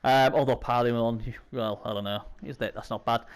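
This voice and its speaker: Hoarse man rambling as host. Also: mid-range voice, fairly even intonation, brisk. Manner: rambling, filler-heavy. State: sore throat, strained voice. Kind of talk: casual gaming preview chat.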